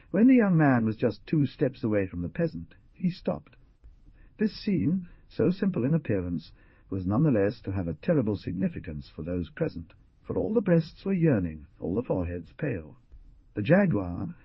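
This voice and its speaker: A man narrating a classic western novel in a dramatic, lively delivery. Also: on the low side, husky, no room sound, lo-fi sound. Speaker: audiobook narrator. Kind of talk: scripted narration.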